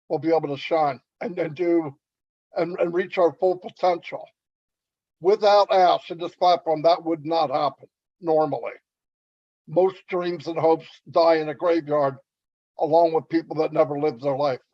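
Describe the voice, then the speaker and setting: An earnest man speaks on a webinar, rambling and restarting his sentences as he goes. His voice sits a little high. The sound is dry and slightly muffled, like online call audio. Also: fairly even intonation, normal speed, no room sound. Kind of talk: testimonial talk.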